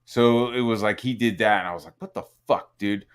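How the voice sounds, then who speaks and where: A fortysomething podcast host with a fairly low, smooth voice talks a little fast. His casual storytelling runs long and wanders, thick with swearing and "like" fillers, and he mimics the words of others.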